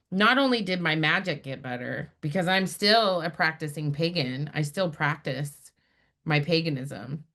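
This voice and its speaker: A middle-aged woman from Utah, a spiritual director telling a personal story in a conversation and acting out the people she quotes. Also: on the low side. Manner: animated storyteller, acts out quoted friends. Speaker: guest, spiritual director and activist.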